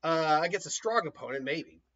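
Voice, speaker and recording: A man voicing a gruff, grudging old male talking sword in a casual story retelling. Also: a little high, animated, normal speed, a bit bright, highs cut off.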